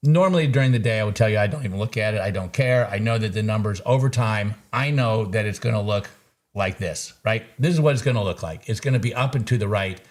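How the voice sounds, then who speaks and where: A man's voice: lowish voice, fast. A man hosting a live market recap, talking casually, laughing easily and throwing in folksy sayings. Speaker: trader and show host.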